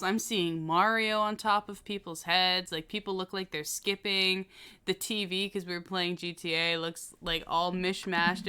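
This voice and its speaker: A woman's voice: on the low side, sharp tone, clean tone. A woman telling a story on a casual podcast, laughing often as she goes. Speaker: podcast co-host.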